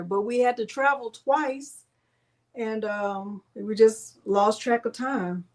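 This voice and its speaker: A middle-aged woman hosts a casual crafting livestream, greeting viewers by name and chatting warmly between steps. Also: on the high side, lively intonation, takes it slowly. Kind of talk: casual livestream tutorial chat.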